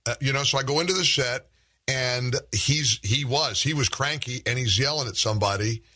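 Bright-voiced rambling talk show host. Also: male voice, medium pitch, normal speed. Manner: rambling, frequent restarts and stammers. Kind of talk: conversational interview.

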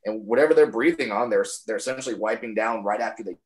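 Rambling, animated male comedian. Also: fairly low pitch, quick pace. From United States. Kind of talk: casual podcast chat.

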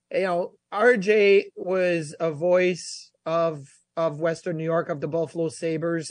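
A man's voice: fairly high pitch, no echo, studio quality. A man hosting a sports talk show, talking casually and with energy about past games. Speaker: sports radio host.

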